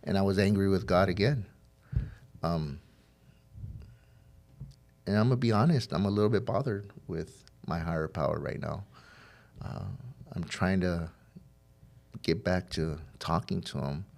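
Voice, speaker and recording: As a podcast guest, a man tells his recovery story in heartfelt, candid fashion, full of fillers and restarts, acting out the dialogue along the way. His low, creaky, slightly mellow voice moves at a measured pace with long pauses.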